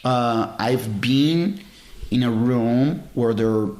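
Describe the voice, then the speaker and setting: A man's voice: medium pitch, slow pace, darkish tone. A man in his forties, a jiu-jitsu champion guest in a casual interview, telling stories earnestly with non-native English phrasing. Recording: roomy echo.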